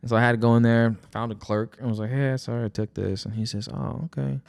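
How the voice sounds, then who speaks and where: Co-hosting a laid-back podcast, a young man with a mid-range voice and vocal fry speaks at a quick pace. He tells stories with animation, performing the quotes himself.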